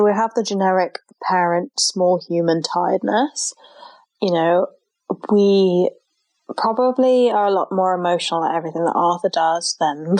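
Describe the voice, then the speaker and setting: Here a young adult woman tells her own story during an interview, sounding sincere and full of feeling while using "like" again and again. Her pitch is fairly low and her tone darkish, and the recording has no room sound.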